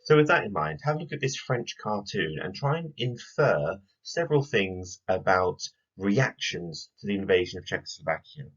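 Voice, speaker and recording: A man teaching a recorded history lesson to pupils, explaining clearly and speaking to them directly. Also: on the low side, very animated, moderate pace, few pauses, a bit bright, highs cut off.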